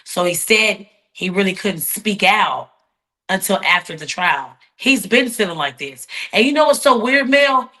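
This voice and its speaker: A woman guest in an interview, telling her story bluntly and defiantly, with many quick restarts. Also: mid-range voice, expressive, sharp tone. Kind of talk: heated interview talk.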